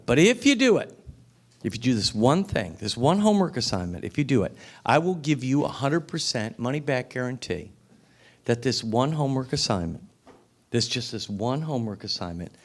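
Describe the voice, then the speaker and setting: A man giving a motivational speech at a restaurant luncheon, emphatic and repeating phrases for effect. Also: mid-range voice. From United States. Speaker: guest speaker. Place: restaurant event room.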